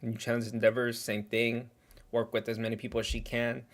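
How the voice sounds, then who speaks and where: A man hosts a casual livestream and comments on clips in a loose, rambling way. He sometimes talks while chewing. His voice sits at an ordinary, middle pitch. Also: monotone, brisk. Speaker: livestream reaction host.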